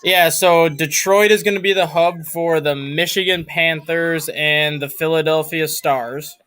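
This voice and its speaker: A man's voice: a little high, fairly even intonation, measured pace, fairly bright tone. A man co-hosting a sports talk show, giving news in a matter-of-fact way.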